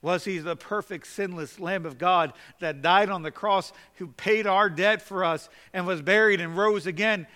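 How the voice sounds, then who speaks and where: Earnest preacher with a high, bright voice. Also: male voice, normal speed, few pauses, big-room sound. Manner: earnest, swings between loud exhortation and quiet questioning. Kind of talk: sermon.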